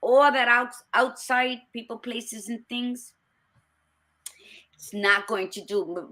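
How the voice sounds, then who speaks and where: A woman's voice: mid-range voice, bright, forceful tone. A middle-aged woman co-hosting a podcast, talking bluntly and emphatically with frequent swearing. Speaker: podcast co-host. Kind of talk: casual chat.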